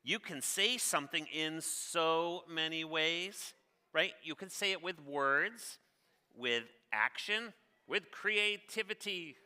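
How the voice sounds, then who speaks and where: Middle-aged guy reading his kids book out loud, upbeat, fairly high voice, echo of a big theater. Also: slow, clear, resonant tone. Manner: upbeat, encouraging, asks the audience questions. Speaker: children's author reading aloud. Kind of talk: interactive read-aloud for children. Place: large theater stage. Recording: long reverb of a theater hall.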